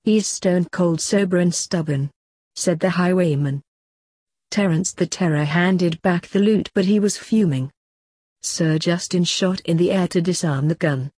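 A woman narrating a storybook tale in a steady, plain reading manner. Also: fairly low pitch, measured pace, breathy edge, dry recording.

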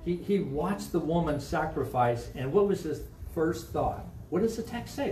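Conversational Midwestern pastor preaching in an echoey church. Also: male voice, a little high, expressive, moderate pace, hardly any pauses, mellow, slight background noise. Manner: conversational, asks the congregation questions. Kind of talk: sermon. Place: church sanctuary. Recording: echoey room, mic from a distance.

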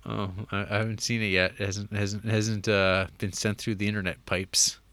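A man with a lowish voice chatting casually, wry and a little hesitant. The sound is dry and close, with no room around it. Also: level tone, moderate pace, a bit bright, no room sound. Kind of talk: casual chat.

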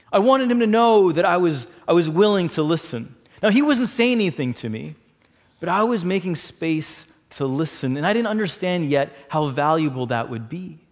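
Man, higher-pitched, chatty storyteller, animated with casual fillers. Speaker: speaker. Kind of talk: storytelling talk.

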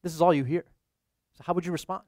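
A young adult male priest preaching in a relaxed, chatty way and leaning on "like" as a filler. His voice sits a little high for a man. The sound is dry and close, with no room echo. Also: fast. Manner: casual, many "like" fillers. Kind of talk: conversational sermon.

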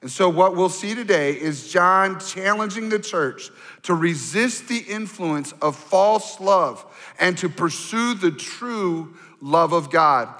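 A male pastor preaching a sermon to his congregation in an animated, conversational way, asking the audience to turn to their neighbors. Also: sits high, slow. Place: church sanctuary. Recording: long hall reverb.

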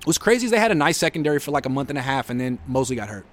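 A man's voice: medium pitch, big pitch swings, very fast. A man hosting a live sports reaction show, reading viewer comments and answering with blunt sarcasm.

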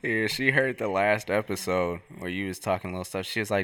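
A man's voice: low-pitched, normal speed, few pauses, bright, forceful tone, clean tone, dry recording, studio quality. A young man co-hosting a podcast, telling stories in casual slangy chat. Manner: laid-back slangy storytelling. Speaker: podcast co-host.

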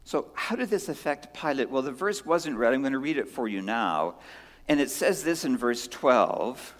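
Male pastor, sermon, earnest, rhetorical questions, animated pitch, reverberant hall. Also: moderate pace. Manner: earnest, swings between loud emphasis and hushed lines, asks rhetorical questions.

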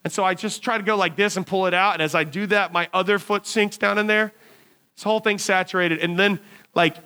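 Man, preacher, sermon illustration, animated storytelling, bright tone. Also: a little high. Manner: animated storyteller acting out his own shouts.

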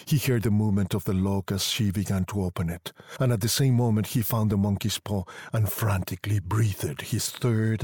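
Husky-voiced male storyteller. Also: lowish voice, darkish tone, dry recording, studio quality. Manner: measured, deliberate reading. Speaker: narrator. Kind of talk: scripted story narration.

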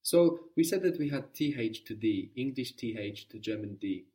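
A man teaching a guided language lesson, patiently prompting and repeating answers slowly. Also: mid-range voice, lively intonation, dark tone, distant mic.

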